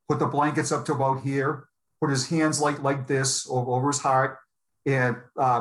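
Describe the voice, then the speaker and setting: A man from New England, a retired sheriff's deputy, telling a personal story in an interview in an earnest, heartfelt way with halting restarts. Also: medium pitch, fairly bright tone. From Boston area, New England.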